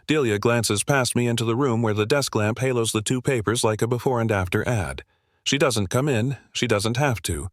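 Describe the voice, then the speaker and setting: A man narrating a scripted first-person story in a steady, wry, literary way. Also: medium pitch, normal speed, no echo, studio quality.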